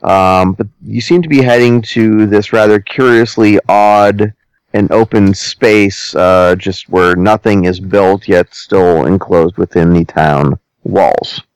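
A man narrating a tabletop game as game master, deliberate and hesitant, with many ums and restarts. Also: low voice, fairly even intonation, smooth, no echo, low-quality recording.

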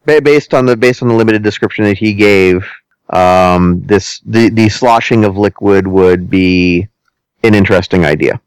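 A man narrating a tabletop game as game master, deliberate and hesitant, with many ums and restarts. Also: lowish voice, clear, resonant tone, dry recording, rough recording.

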